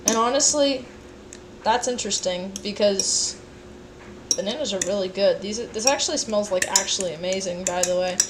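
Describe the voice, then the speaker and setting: A woman's voice: medium pitch, moderate pace, background noise. A tired young woman livestreaming as she cooks, chatting to her viewers in a rambling, playful way with sing-song asides. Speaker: livestreamer cooking for chat. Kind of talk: casual livestream chat while cooking. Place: home kitchen. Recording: clear kitchen clatter behind.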